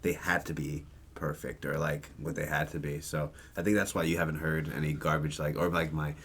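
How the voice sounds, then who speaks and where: A man's voice: a bass voice, flat delivery, fairly quick, gravelly, a bit bright, a little hiss or hum. A young man, a rapper, chatting as a podcast guest, loose and casual, with some swearing.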